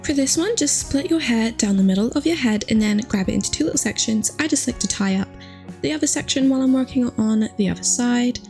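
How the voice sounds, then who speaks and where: A young woman chatting casually through a hair tutorial, upbeat and full of fillers, her voice still rough from just waking up. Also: a little high, lively intonation, quick pace, a little mellow, faint music behind. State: morning voice, just woken.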